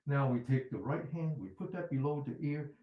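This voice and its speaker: A mindfulness instructor leads a group through self-massage, speaking fairly quickly in a medium-pitched voice over narrow, tinny audio. The room echoes as he calmly walks them through each step, dropping into a soft whisper for repeated words.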